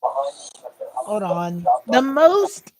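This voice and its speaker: Slow-talking woman game master. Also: mid-range voice, huge pitch swings, heavy background noise. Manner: halting, restarts while describing. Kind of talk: narrating a tabletop game.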